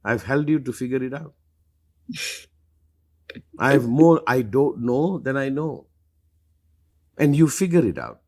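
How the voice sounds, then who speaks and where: A man's voice: a little slow, pauses often. A middle-aged man speaking as a spiritual teacher in a live question-and-answer talk, emphatic and passionate. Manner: emphatic, passionate, lively swings in pitch and loudness.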